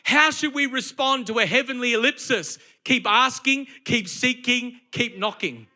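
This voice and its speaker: Standing on a church stage, a middle-aged pastor delivers his sermon a little slowly in a forceful, high, and very bright voice. His preaching is lively storytelling, and he keeps putting rhetorical questions to the congregation.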